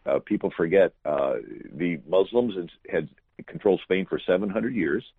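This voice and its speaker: A man telling history at length as an interview guest, with a husky voice and many fillers. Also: low-pitched, lively intonation, normal speed, no room sound. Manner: fluent, explanatory, many fillers. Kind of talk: storytelling interview answer. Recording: phone-like line.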